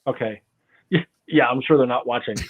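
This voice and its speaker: A man with a medium-pitched voice speaks briskly as an interview guest, telling stories casually over a video call. He rambles and frequently loses his train of thought, and the call audio sounds tinny, like a phone.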